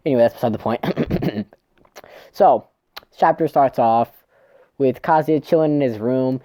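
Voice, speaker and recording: A man walking through a manga chapter in a loose, unscripted way, swearing casually and stumbling over his words as he goes. His voice is mellow and soft-edged, recorded close and dry. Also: lowish voice, no echo. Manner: rambling, profane, trips over words. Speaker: manga reviewer.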